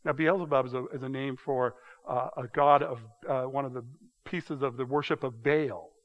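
A man teaching a casual Bible study in a conversational, halting way, often restarting and repeating words. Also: mid-range voice, steady tone. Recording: dull sound with long hall reverb.

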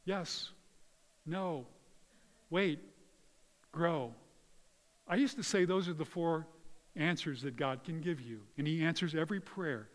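A man preaching a sermon in an earnest way, swinging from hushed, tender lines to loud emphasis. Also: fairly high pitch, takes it slowly, long pauses, in a large hall. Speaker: pastor.

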